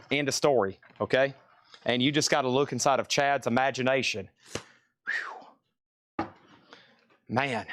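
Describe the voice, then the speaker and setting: A man's voice: medium pitch, a bit bright. A man hosting a live-streamed record auction, joking around and repeating items and prices. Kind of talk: live-stream sales patter.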